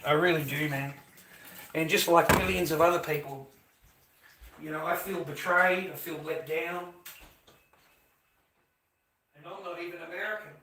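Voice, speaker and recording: A man's voice: fairly high pitch, steady tone, measured pace, pauses often. Profane ranting Australian man, noisy recording. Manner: blunt, profane, repetitive, peppered with "mate". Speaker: vlogger. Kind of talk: casual ranting monologue. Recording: noisy background.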